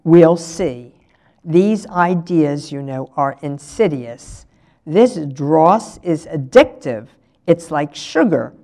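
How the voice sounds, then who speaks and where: A woman's voice: deep voice, animated, slow pace, mellow, full character voice. An older woman voicing a haughty, exasperated middle-aged mother who lectures in an indignant, precise way. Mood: disdainful.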